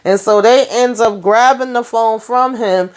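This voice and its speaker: A woman's voice: on the high side, measured pace. Young woman doing a casual tv recap, slangy and chatty, keeps acting out what characters say. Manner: chatty, acts out characters' lines in quotes; loose slangy phrasing with fillers. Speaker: TV episode reviewer.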